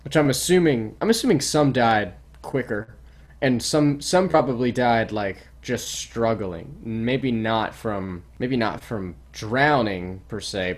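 A man co-hosting a casual podcast chat, rambling and hesitant, full of restarts and fillers. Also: fairly low pitch. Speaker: podcast co-host.

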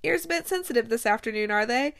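A woman's voice: a little high, expressive, fast, creaky, a bit bright. Woman reading as a snappish hungover nobleman. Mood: irritable. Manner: snappish, curt. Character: brooding hungover young nobleman, irritable. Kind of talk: reading a novel excerpt aloud.

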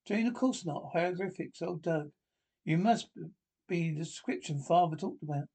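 Gravelly man stumbling through a script. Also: on the high side, a little mellow. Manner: halting read-through with slips and restarts. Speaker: script reader. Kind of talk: reading a radio horror script aloud, all parts.

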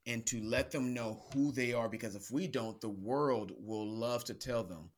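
A man's voice: medium pitch, normal speed. A man hosting a casual podcast chat, earnest and a little preachy, calling his guest bro and man. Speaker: podcast host. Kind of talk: casual faith-based chat.

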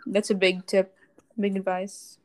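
A teenage girl co-hosting a casual podcast chat, animated and exclamatory, teasing her co-host. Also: medium pitch, measured pace.

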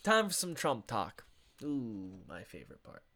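A man's voice: mid-range voice, huge pitch swings, a little slow, bright, forceful tone, slight background noise. A young man reading news aloud and ranting about it in profane, exasperated commentary, laughing often. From United States. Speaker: vlogger.

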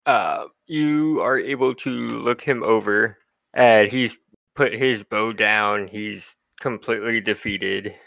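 A man running a tabletop game as game master, narrating in a relaxed way with laughs and fillers. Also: lowish voice, slow, creaky, dry recording.

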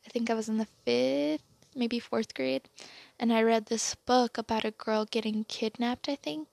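Young woman, podcast host, rambling casual chat, slightly high voice, dry close sound. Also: fairly even intonation, moderate pace, gravelly, a little mellow, dry recording. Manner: rambling, chatty, many fillers and restarts.

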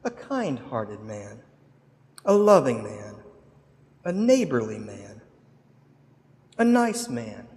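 A man's voice: medium pitch, big pitch swings, slow pace, pauses often, a little mellow, long reverb tail. A man preaching a sermon, telling a story dramatically. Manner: dramatic storytelling with acted quotes. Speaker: pastor.

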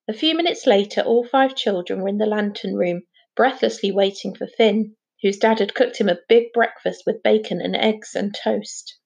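A woman reading a children's novel aloud in a calm, steady narrating voice. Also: mid-range voice, moderate pace, gravelly, few pauses, husky, dull audio. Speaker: storyteller.

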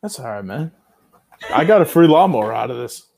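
A young man co-hosting a podcast in casual banter, loud and jokey as he reads an ad. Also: medium pitch, very animated, brisk, gravelly. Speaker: podcast co-host.

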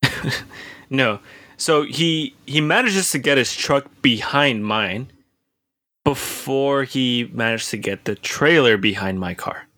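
Young guy, bright and dry close-mic sound, rambling storyteller who swears freely. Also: mid-range voice, expressive, slow pace, no room sound. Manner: profane, rambling, lots of restarts and filler words. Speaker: podcast co-host telling a story. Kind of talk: casual storytelling chat.

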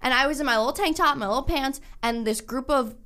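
Animated young woman telling stories. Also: high voice, quick pace, slight background noise. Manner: animated storyteller acting out quotes. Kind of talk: casual chat.

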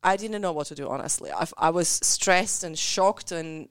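This woman in her thirties speaks English with a Central European accent in a smooth, slightly low voice. She tells her story earnestly as a business coach, acting out what people said. The sound is close and dry. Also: moderate pace, no room sound. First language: Central European language. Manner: earnest storytelling with acted-out quotes. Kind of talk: personal story in an interview.

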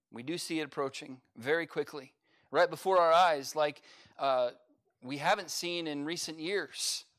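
A man, a pastor, preaching a sermon in a church, talking emphatically with loud, rising stretches and frequent restarts of his phrases. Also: fairly high pitch. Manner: repeats words and restarts phrases. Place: church sanctuary.

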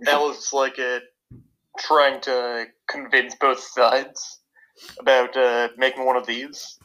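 A man playing in a tabletop role-playing game, describing his ranger's actions with many pauses. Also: mid-range voice, little pitch movement, bright, forceful tone, low-quality recording. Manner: halting, many fillers. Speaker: player.

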